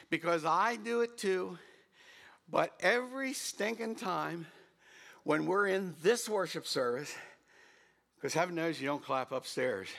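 This middle-aged pastor's high voice has a creaky edge. He hums tunes and raises his volume for emphasis while narrating his sermon with energy.

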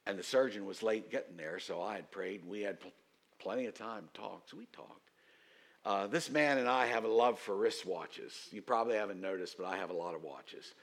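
A man preaching a sermon as pastor, telling stories and rising to loud, emphatic outbursts. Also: fairly low pitch, fairly quick.

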